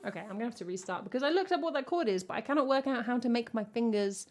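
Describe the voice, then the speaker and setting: A woman's voice: a little high, lively intonation, rapid-fire, darkish tone, soft background music. A woman with an English accent, a singer-songwriter chatting casually with her live stream audience in a dry, self-mocking way. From England. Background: ukulele playing.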